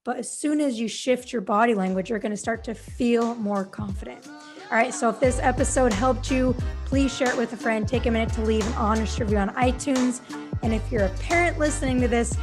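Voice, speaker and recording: Upbeat woman coaching, a bit high. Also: brisk, music in the background. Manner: direct, encouraging, checks in with "right?" and "okay?". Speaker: confidence coach and podcast host. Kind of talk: instructional podcast talk.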